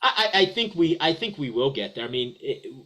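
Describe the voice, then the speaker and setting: A man's voice: medium pitch, a little fast, low-quality recording. A man talking animatedly about technology. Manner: energetic, many restarts and repeated words. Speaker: industry guest on webinar. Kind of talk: conversational webinar discussion.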